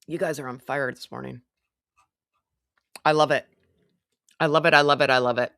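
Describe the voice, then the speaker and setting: A woman's voice: very deep voice, fairly even intonation, moderate pace, vocal fry, a bit bright, dry recording, studio quality. A woman hosting a casual celebrity gossip livestream, chatty and sarcastic as she talks to her viewers. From Canada. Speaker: livestream host.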